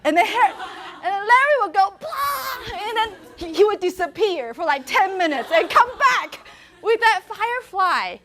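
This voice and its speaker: Female linguistics lecturer, high voice, animated anecdotal classroom style. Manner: animated storyteller, laughs often.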